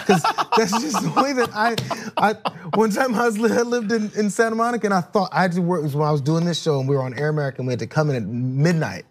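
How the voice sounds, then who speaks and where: A fast-talking man with a slightly high voice hosts a casual podcast chat. He tells stories in an animated way and laughs often. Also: a little hiss or hum. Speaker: podcast host.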